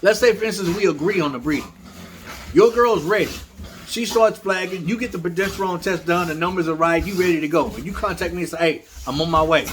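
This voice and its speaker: Man, dog breeder, blunt and repetitive, high voice, faint noise behind. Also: expressive, moderate pace, a bit bright. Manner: blunt, repetitive, talks straight to viewers. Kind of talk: casual storytelling monologue.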